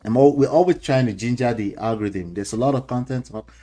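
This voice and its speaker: A man's voice: medium pitch, fast, dark tone, soft background music. A middle-aged man with a Nigerian accent hosting a casual commentary show, lecturing listeners with chuckles and pidgin slang mixed in. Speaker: host.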